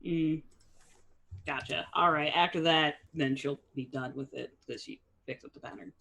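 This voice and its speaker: A tabletop game player with a middling pitch who speaks politely and in a halting way, asking careful questions in character and out of it. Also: creaky, bright, forceful tone. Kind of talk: tabletop role-play.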